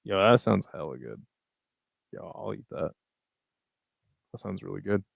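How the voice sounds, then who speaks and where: A man hosts a laid-back live chat, reading and reacting to viewer messages in a loose way with plenty of swearing. His voice sits low and is expressive, unhurried, creaky, and husky. There's no room sound, and the highs are cut off.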